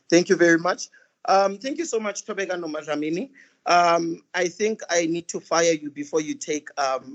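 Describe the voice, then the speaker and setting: Young guy hosting a video call session, jokey, lots of ums, kinda high voice. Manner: playful, joking, with many fillers. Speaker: host of an online student training. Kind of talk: casual event hosting.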